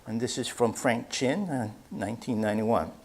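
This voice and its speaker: A man, an author, giving an unhurried public talk and reading quotes, with frequent ums and uhs. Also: medium pitch, darkish tone.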